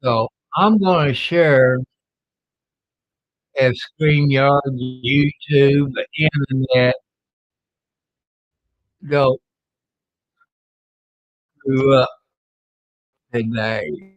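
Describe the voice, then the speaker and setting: A man hosting a casual livestream, chatting in an unhurried, folksy drawl. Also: mid-range voice, no room sound, dull audio. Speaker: livestream host.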